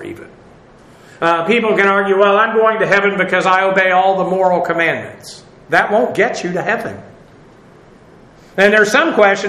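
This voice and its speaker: A man's voice: sits high, sharp tone, roomy sound, poor audio. A man teaching a verse-by-verse Bible lesson, rambling with many fillers as he spells out Greek words.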